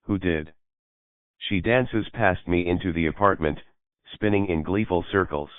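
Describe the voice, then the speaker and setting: A man narrating a novel as an audiobook reader, in a steady storytelling manner. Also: low voice, normal speed, no room sound. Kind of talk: scripted narration. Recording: narrow phone-like dry sound.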